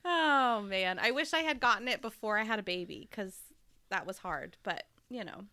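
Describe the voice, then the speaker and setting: Her voice mid-range and sharp, with lively intonation at a normal pace, a podcast co-host in her thirties chats casually despite a cold's congestion. She spins long, rambling stories and laughs often.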